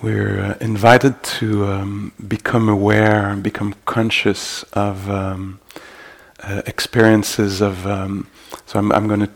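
A man giving a meditation dharma talk at a retreat, halting and full of gentle fillers. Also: on the low side, flat delivery, vocal fry. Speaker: meditation teacher.

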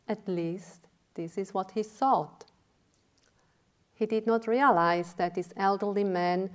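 A woman meditation teacher giving a dharma talk, telling a teaching story in a deliberate way. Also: medium pitch.

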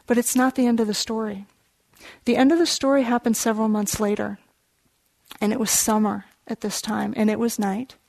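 A woman meditation teacher telling a story in a dharma talk, in a gentle, unhurried storytelling manner, explaining contemplative terms. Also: fairly high pitch, creaky, no room sound.

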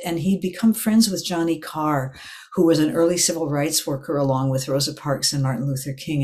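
An older woman who teaches meditation gives an evening dharma talk, telling a story in a gentle, reflective way and correcting herself as she goes. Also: deep voice. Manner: meandering storytelling, restarts and self-corrections.

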